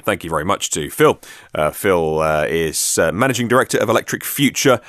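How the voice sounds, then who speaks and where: A man's voice: low voice, animated, brisk, fairly bright tone, dry recording. A man hosting a solo podcast, reading out listener messages with chatty, self-mocking asides. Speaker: podcast host.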